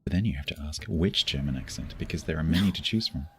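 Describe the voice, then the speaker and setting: A man's voice: very deep voice, expressive, fast, slight background noise. A man, coaching a newer player during a casual game stream and explaining step by step. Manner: explains patiently, restarts and searches for words. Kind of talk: casual gaming stream chat.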